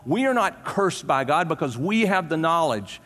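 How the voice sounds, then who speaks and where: A preacher puts on proud, scornful religious rulers, voices pushed high and sneering. They talk down to everyone around them. The sound hangs in a long, echoing hall. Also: male voice, sing-song, moderate pace, a bit bright. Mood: haughty. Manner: mocking, indignant. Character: haughty, scornful male religious leaders.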